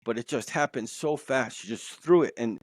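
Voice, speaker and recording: A man's voice: medium pitch, moderate pace, no echo. A man telling a personal story as a podcast guest, rambling and repeating words as he goes. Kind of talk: casual storytelling. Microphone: podcast mic.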